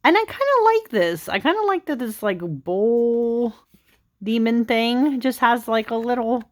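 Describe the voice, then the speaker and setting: A young tarot channel host with a slightly high, expressive voice talks a little slowly as she chats through a deck of cards. It's late at night, so she's tired and yawning, giggling and rambling with plenty of fillers.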